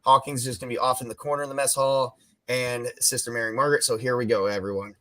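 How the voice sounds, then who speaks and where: A man's voice: mid-range voice, steady tone, pushed and bright. Man running a tabletop game. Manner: loose, filler-heavy, halting. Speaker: game master. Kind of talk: narrating a tabletop horror game.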